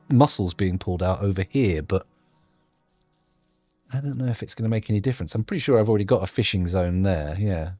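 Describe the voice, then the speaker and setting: A man hosts a gameplay video, thinking aloud in rambling let's-play commentary full of jokes and self-deprecation. His voice is fairly low and a little mellow.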